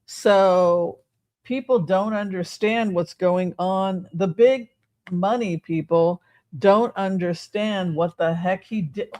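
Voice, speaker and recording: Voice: mid-range voice, takes it slowly, a little mellow, dry recording. An older tarot reader giving a casual reading, rambling and sarcastic, swearing freely.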